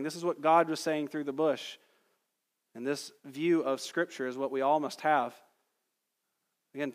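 Emphatic preacher in an echoing hall. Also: male voice, on the high side. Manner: conversational preaching, builds to emphatic peaks. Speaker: pastor. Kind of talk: sermon.

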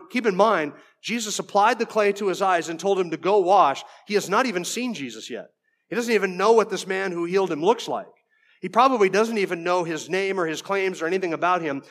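A man's voice: high voice, expressive, a little fast, a bit bright. A man preaching an expository sermon verse by verse, conversational, with folksy asides and frequent restarts.

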